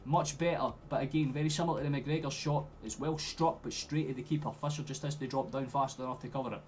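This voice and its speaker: A young Scottish man streaming a football watchalong, chatting and swearing freely, with sudden loud outbursts at the play. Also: medium pitch, fairly even intonation, fast talker, few pauses, a little hiss or hum. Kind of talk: live match commentary to chat.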